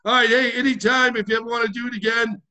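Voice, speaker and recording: A man's voice: very high-pitched, level tone, quick pace, sharp tone. A man with a Gloucester, Massachusetts accent, a fishing boat captain chatting loosely and jokily as a guest on an interview show. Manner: chatty, jokey, loose rambling. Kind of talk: casual interview chat.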